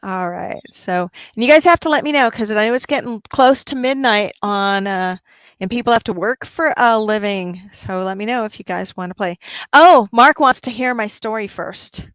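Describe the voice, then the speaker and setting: A woman's voice: mid-range voice, moderate pace, a bit bright, clear, resonant tone, no echo. A woman hosting a livestream, chatting casually and upbeat with her viewers. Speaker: livestream host.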